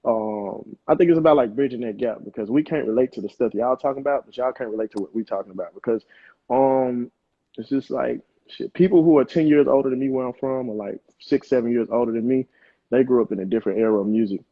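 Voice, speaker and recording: Laid-back man in his 20s from Mississippi, husky, dull lo-fi stream sound. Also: mid-range voice, fast talker. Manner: laid-back, loose, lots of "you know what I'm saying". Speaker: rapper guest. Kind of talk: casual interview chat.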